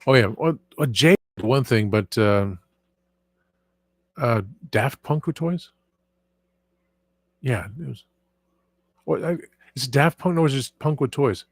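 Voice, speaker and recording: A man chats casually on his live stream, rambling along with plenty of fillers and restarts as he answers his viewers. His voice sits in an ordinary middle pitch. The sound is dry and close, with no room echo. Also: slow, pauses often. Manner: reads and answers viewer chat. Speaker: livestream host.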